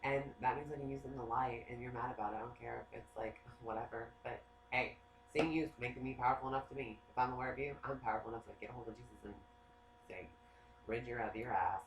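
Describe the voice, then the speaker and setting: A man who works as a psychic, talking in a casual, rambling monologue. He swears a lot and gets excitable. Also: medium pitch, quick pace. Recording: echoey room, faint noise.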